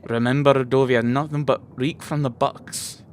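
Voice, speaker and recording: A gruff, boastful warrior woman chief from a video game, menacing in every line and speaking with a put-on accent, as a man plays her. She talks at an ordinary middle pitch. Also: steady tone, moderate pace, a little hiss or hum, close to an everyday voice.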